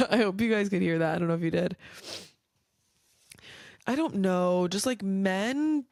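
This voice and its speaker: A tired woman rants bluntly at home late at night, swearing freely and scattering "like" everywhere. Her voice sits fairly low and comes across smooth and clear. The sound is close and dry, with no room echo. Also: a little mellow. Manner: blunt, swears freely, many filler likes. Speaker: podcast host. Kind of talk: casual solo rant.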